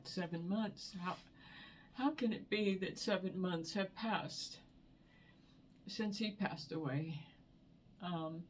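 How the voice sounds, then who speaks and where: A woman talking in a personal vlog, soft and halting, repeating words, emotional and near tears. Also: on the low side, a little hiss or hum. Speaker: vlogger.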